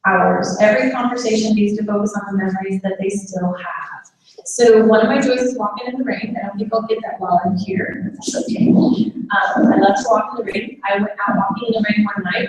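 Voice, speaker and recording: At a live dementia caregiver workshop, a woman with a medium-pitched, darkish voice engages her audience by asking them questions. Faint noise and echo fill the room, and the mic is far off.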